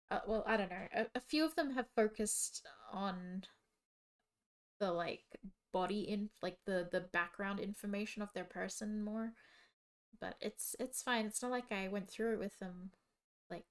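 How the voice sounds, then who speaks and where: A young Australian woman and teacher, muttering to herself with lots of fillers while chatting on a live stream. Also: mid-range voice. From Brisbane, Australia. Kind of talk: casual live-stream chat.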